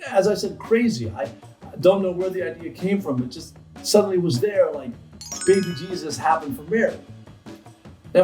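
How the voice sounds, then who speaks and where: A man's voice: a little high, a little mellow. A man, a comedian, narrating a comic story in a playful, wry way. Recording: roomy, distant mic. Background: faint background music.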